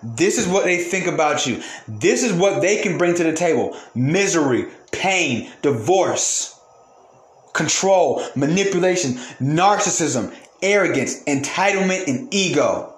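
A man with a high voice delivers a heated, profane monologue as a podcast host. He hammers his points by repeating phrases and sounds openly angry. The room around him has a noticeable echo. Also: lively intonation, a little slow.

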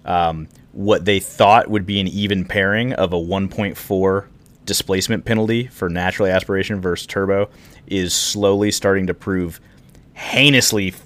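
A man co-hosting a casual podcast, explaining things in a measured way with frequent pauses. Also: low voice, steady tone, a bit bright. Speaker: podcast co-host explaining rally history.

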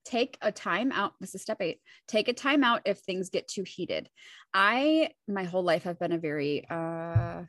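A woman's voice: fairly low pitch, expressive, unhurried, fairly bright tone, no room sound. A woman who coaches clients on relationships and has a young child, talking frankly and swearing in casual chat. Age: adult with a young child. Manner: frank and profane, mimics herself in quoted asides. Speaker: podcast host and relationship coach.

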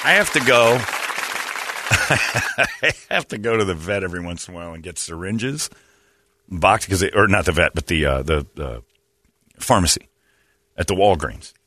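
A man's voice: low voice, expressive, moderate pace, pauses often, bright, forceful tone, some chatter behind. A man in his fifties telling rambling, self-mocking stories in a casual comedic chat. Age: 50s.

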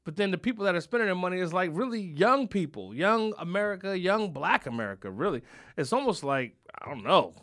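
A man co-hosting a comedic podcast, rambling and swearing, now and then bursting into shouts. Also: high-pitched. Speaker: podcast co-host. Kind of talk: casual comedic podcast rant.

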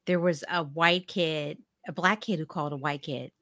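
A woman co-hosting a casual podcast, telling stories in an animated, chatty way. Her voice is bright and a little low-pitched, recorded dry and close. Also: normal speed, no echo. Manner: chatty, animated storyteller, laughs often. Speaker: podcast co-host. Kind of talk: casual chat.

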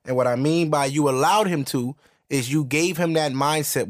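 A man hosting a podcast, ranting in casual comedic style, animated and profane. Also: on the high side, normal speed. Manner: animated, profane storytelling with voiced asides. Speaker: podcast host.

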